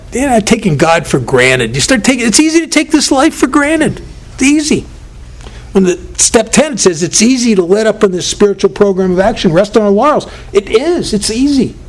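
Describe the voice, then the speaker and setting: A man speaking at a recovery workshop, talking in an earnest, storytelling way that often breaks off and restarts. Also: high voice. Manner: storytelling, self-interrupting, earnest.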